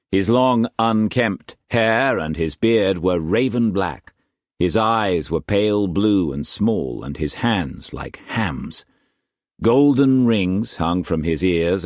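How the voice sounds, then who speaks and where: A man narrating an audiobook in a measured, expressive storytelling manner. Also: sits low, no room sound, clean studio sound. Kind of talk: scripted narration.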